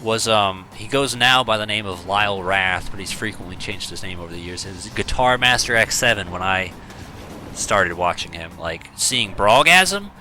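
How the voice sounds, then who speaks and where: Bright-voiced man rambling over gameplay. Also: deep voice, lively intonation, moderate pace, faint music behind. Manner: rambling, storytelling, many fillers. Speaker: gaming YouTuber. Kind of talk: casual let's-play commentary.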